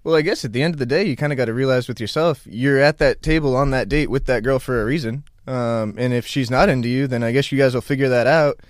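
Man, podcast host, mid pitch, laid-back, profane, advice-giving, dry close mic. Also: fast talker, few pauses, dry recording. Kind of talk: casual podcast chat.

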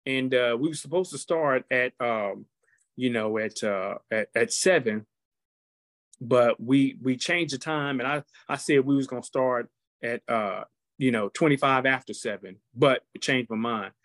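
A man who serves as a football team chaplain, telling a testimony story in an animated, preacherly way and acting out the quotes. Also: medium pitch, measured pace, no echo.

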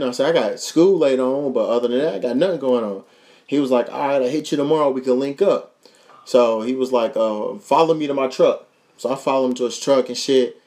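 A young man from Kentucky with a Kentucky accent, hosting a podcast and telling a profane, animated story with voices for the people in it. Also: medium pitch. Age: young adult. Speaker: podcast host. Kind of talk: casual storytelling.

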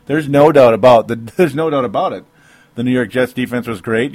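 A man's voice: medium pitch, fairly quick, a little mellow, no room sound. Rambling man venting about football. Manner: rambling, self-interrupting, frequent rueful laughs. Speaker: sports commentator. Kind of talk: solo sports opinion podcast.

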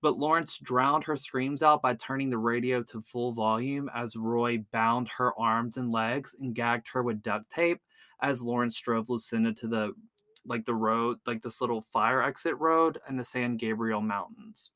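A man's voice: mid-range voice, steady tone, unhurried, sharp tone, no echo. Chatty man telling a true-crime story. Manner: chatty, stumbles over words, lots of "like". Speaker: podcast host.

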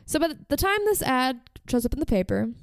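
A woman's voice: high-pitched, very animated, brisk, vocal fry, no echo. A woman hosting a podcast, telling a story in casual chat with lots of "like" fillers. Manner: chatty, frequent "like" fillers. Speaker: podcast host.

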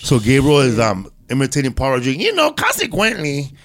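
A man's voice: mid-range voice, wildly swooping pitch, a little fast, fairly bright tone. A man telling a rambling comedy anecdote in casual chat, full of slang like "bro" and "man.". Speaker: guest comedian.

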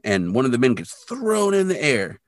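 A man co-hosting a podcast, casually retelling an episode with lively sound effects. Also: medium pitch, normal speed, no echo, studio quality. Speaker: podcast co-host.

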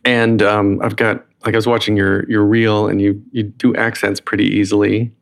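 Gravelly-voiced male interview host. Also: lowish voice, flat delivery, normal speed. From North Carolina, USA. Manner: friendly questioning with frequent restarts. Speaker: podcast host. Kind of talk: casual interview chat.

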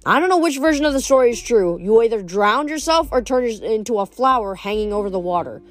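A woman's voice: a little high, lively intonation, fast, pitched above the performer's own voice, close to an everyday voice. A woman doing a firm, impatient teenage girl. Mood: exasperated, insistent. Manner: sharp and insistent.

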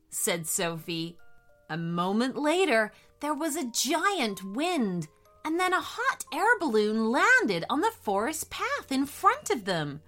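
A woman narrating a bedtime story for children, talking slowly with a very lively, sing-song pitch. Her voice is bright and upfront. Faint music sits under her. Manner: warm, animated, addresses kids directly.

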